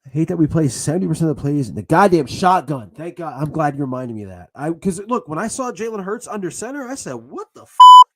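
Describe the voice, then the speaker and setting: A man ranting angrily as a football fan, swearing and bursting into shouts between sarcastic retellings. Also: fairly high pitch, sing-song, fast talker, hardly any pauses, slight background noise. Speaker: sports vlogger. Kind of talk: angry fan rant.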